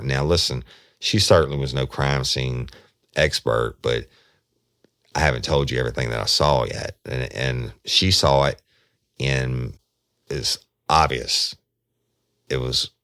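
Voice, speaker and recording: A man's voice: very deep voice, slow pace, creaky, sharp tone, no echo, clean studio sound. A man, a retired detective hosting a podcast, telling a true crime story in an earnest, folksy way. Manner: folksy, earnest, speaks straight to listeners.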